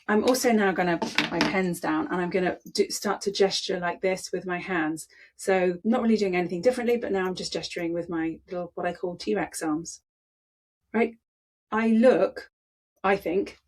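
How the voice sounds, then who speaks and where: Husky-voiced woman coaching on speaking. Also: mid-range voice, darkish tone. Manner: demonstrative, emphatic, repeats words for effect. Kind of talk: presenting a training talk.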